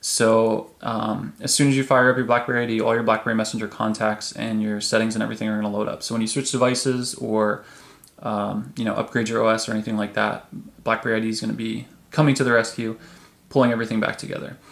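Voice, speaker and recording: A man hosting a casual tech video, demonstrating a phone app in a relaxed, chatty way with frequent ums. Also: fairly low pitch, quick pace, gravelly. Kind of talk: casual product demo. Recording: echoey room.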